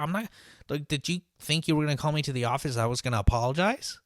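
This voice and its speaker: A man's voice: fairly high pitch, expressive, quick pace, dry recording, clean studio sound. A man who works as a line cook tells a story in a casual, rambling monologue. He swears constantly, leans on "like" and "dude", and often restarts his sentences. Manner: profane and heated, heavy on "like" and "dude".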